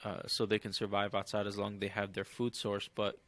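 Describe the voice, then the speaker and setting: A man's voice: lowish voice, flat delivery, a little fast, fairly bright tone. A man co-hosting a podcast, casually recapping an episode in a loose, rambling way with lots of fillers. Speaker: podcast co-host.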